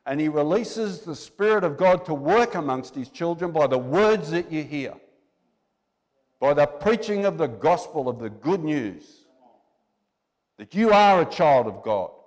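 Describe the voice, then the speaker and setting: A man's voice: fairly high pitch, lively intonation, unhurried, darkish tone. Exhorting male preacher in a reverberant hall. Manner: exhorting, conversational, with rhetorical questions. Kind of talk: sermon. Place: church hall. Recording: long reverb in a church hall.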